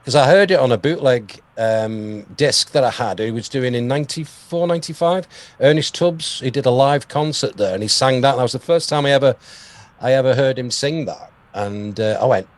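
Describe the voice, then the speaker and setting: A man's voice: medium pitch, moderate pace. A man from England hosting an interview, chatting casually and trailing off into fillers. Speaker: radio host, interviewer.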